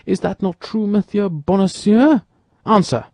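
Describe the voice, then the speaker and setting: A man reading an audiobook, voicing a bold, quick-witted young male musketeer who talks in a commanding, brisk way. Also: sits high, mellow, no room sound, studio quality, voice pushed up.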